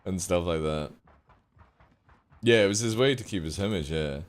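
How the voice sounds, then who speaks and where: A man's voice: low-pitched, moderate pace. A young adult man streaming a game live, chatting casually with his viewers, joking and swearing freely. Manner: profane, joking, talks to chat. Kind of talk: casual live gameplay chat.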